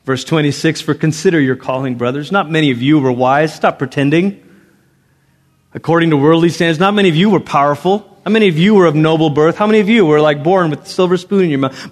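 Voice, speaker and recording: Pastor guy preaching in a big echoey church, kinda high voice, goes loud then quiet. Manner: animated preaching, swinging from loud to hushed. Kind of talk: sermon. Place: church sanctuary. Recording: long reverb of a large hall.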